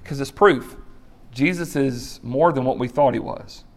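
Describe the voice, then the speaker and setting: A man's voice: medium pitch, a little slow. A man preaching a sermon, telling stories with acted-out voices and brief laughs. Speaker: pastor.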